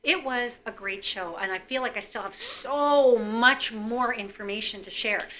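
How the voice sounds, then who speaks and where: A woman's voice: on the high side, measured pace, pushed and bright. A woman hosting a psychic call-in show, talking casually to viewers and acting out dialogue as she tells a family story.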